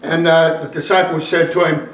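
A high-pitched male preacher delivers a sermon in a relaxed, conversational manner. He slows and climbs in pitch to hammer a point. The sound carries a roomy echo, picked up from some distance away. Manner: conversational preaching, slowing and rising for emphasis. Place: church sanctuary. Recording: echoey room, voice from a distance.

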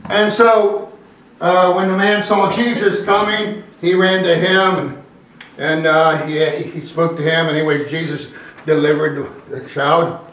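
A high-pitched male preacher delivers a sermon in a relaxed, conversational manner. He slows and climbs in pitch to hammer a point. The sound carries a roomy echo, picked up from some distance away. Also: a little hiss or hum. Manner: conversational preaching, slowing and rising for emphasis. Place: church sanctuary. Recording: echoey room, voice from a distance.

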